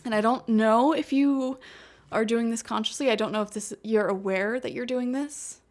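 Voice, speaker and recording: A woman's voice: a little high, normal speed. Chatty young-sounding woman tarot reader. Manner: chatty, laughs often, fillers like "like" and "you know". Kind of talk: casual pick-a-card tarot reading. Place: home room with a cat.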